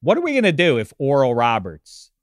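A middle-aged man co-hosting a sports talk show, joking wryly at his own expense with halting restarts. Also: medium pitch, wildly swooping pitch, no echo, studio quality. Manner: wry, self-mocking, halting restarts. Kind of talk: casual sports banter.

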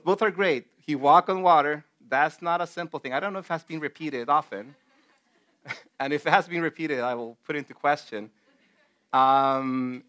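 This is casual Bible teaching for a group, led by a man who isn't a native English speaker. His voice sits on the high side and is a bit bright, and he comes across as earnest and emphatic, often restarting and using fillers.

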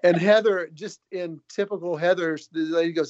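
A man who is a comedian and author, telling stories as a guest in a casual, animated, joking way. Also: on the high side, normal speed, no echo. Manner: animated, joking, quotes people in their own words. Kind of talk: casual storytelling. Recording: dull, lo-fi recording.

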